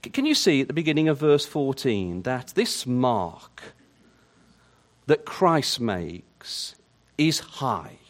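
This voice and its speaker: A man's voice: medium pitch, big pitch swings, takes it slowly. A man preaching a sermon, asking his listeners many questions and repeating words as he starts a phrase.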